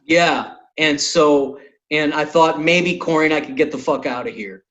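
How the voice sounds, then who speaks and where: A man's voice: on the high side, normal speed, dull audio. A man hosting a podcast, telling a long comic anecdote in casual, profane chat. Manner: animated, swearing anecdote teller. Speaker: podcast host and comedian.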